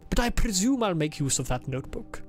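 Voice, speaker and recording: A woman's voice: on the low side, very animated, fairly quick, darkish tone, soft background music. Woman putting on a pompous male officer. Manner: stiff, formal reading with a put-on accent. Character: pompous, insufferable male officer keeping a diary. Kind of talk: reading a game diary aloud in character.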